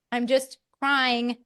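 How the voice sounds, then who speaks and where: Chatty woman co-hosting, slightly high voice. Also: little pitch movement, very slow, fairly bright tone. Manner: chatty, laughs while telling stories. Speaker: podcast co-host. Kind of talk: casual conversational teaching.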